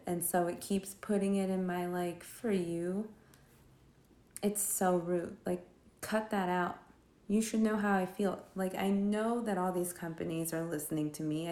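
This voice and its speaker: A woman with a gravelly, mellow voice talks in a loose, rambling way, with a steady stream of "like" and exasperated sarcasm. She sounds like she is venting to friends in an echoey room. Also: fairly low pitch. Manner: sarcastic, exasperated, filler-heavy with lots of "like". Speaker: vlogger reviewing films while drawing. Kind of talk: casual rambling film roast.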